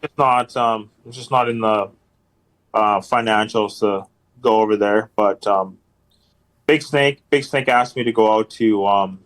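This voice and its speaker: With a lowish, fairly bright voice and fairly even intonation, a hockey enforcer on a podcast spins casual stories in no hurry. He rambles, saying um a lot and repeating phrases.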